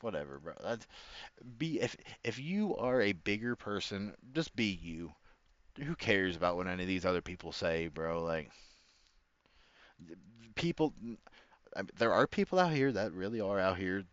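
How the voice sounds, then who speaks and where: Casual reaction host: a man, low and smooth voice, dry and slightly dull lo-fi sound, rambling and slangy. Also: very animated, normal speed, a bit bright, dry recording. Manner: rambling, slangy, keeps saying bro. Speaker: commentator.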